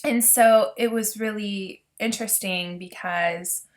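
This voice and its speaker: A woman's voice: mid-range voice, steady tone, slow. Chatty, enthusiastic woman book reviewer. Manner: chatty and enthusiastic, says "like" often. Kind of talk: casual book review vlog.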